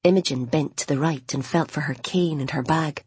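A woman reading a novel aloud in an expressive way, voicing its characters. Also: sits low, moderate pace, few pauses, breathy edge, no echo. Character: Imogen, determined young blind woman wanting a baby. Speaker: audiobook narrator. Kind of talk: scripted novel narration with character voices.

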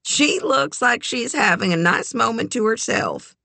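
A woman voicing an eager, meddling aunt who coaxes and scolds in a raised, drawn-out voice. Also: on the high side, animated, gravelly, pushed and bright, no room sound, pitched above the performer's own voice, exaggerated voice. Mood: coaxing.

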